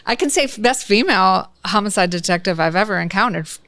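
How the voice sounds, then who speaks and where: A woman hosting an interview podcast, talking in an effusive, chatty way full of praise and quick restarts. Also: medium pitch, animated, fairly bright tone, no room sound. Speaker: podcast host. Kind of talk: conversational interview.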